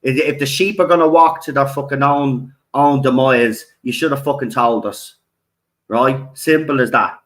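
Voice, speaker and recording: An Irish video channel host rants angrily to camera in a medium-pitched, slightly bright voice at normal speed. He swears heavily and keeps tacking "right?" onto his lines. The recording quality is low.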